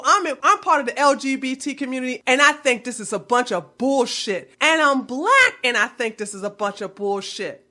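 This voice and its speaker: A woman's voice: high-pitched, sharp tone. A woman vlogger delivering a heated, blunt commentary rant full of swearing. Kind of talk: profane ranting commentary.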